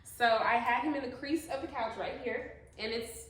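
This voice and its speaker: A young woman, the host, chatting casually with a mom friend and telling stories with lively, acted-out scenes. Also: on the high side, normal speed, very noisy. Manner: animated storyteller, acts out scenes with big laughs. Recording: echoey room, mic at a distance.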